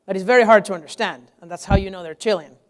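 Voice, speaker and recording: A man's voice: high voice, quick pace. A young man from Venezuela, giving a public lecture as guest speaker, telling stories with animation and frequent restarts. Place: lecture hall.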